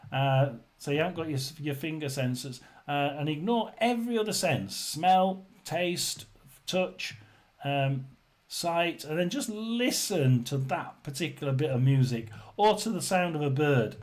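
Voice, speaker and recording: A man from England hosting a casual live chat, rambling with restarts and clearing his throat often. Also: fairly high pitch, animated, a little slow. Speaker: livestream host.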